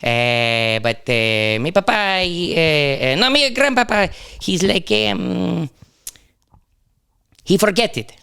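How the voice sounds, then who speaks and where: A man playing an excitable immigrant who speaks broken English in a comedy podcast chat. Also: high voice, slow, creaky, clear, resonant tone, full character voice. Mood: lecturing.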